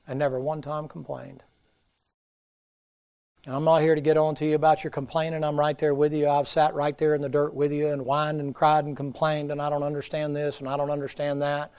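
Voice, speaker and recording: A middle-aged man preaching a revival sermon, folksy and storytelling, swinging from loud to hushed. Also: a little high, gravelly. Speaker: pastor.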